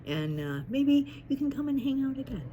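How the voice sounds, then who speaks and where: A woman's voice: high voice, sing-song, moderate pace, warm tone, a little hiss or hum. A woman talking straight to camera as a YouTube commentator, venting in a rambling, profane way that keeps circling back on itself. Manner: rambling and profane, with frequent restarts. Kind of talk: casual venting monologue to camera.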